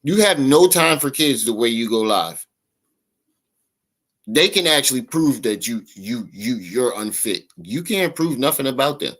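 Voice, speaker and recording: Lively mocking male stream host. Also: mid-range voice, unhurried. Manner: mocking, incredulous, profane. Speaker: livestream host. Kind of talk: reaction commentary.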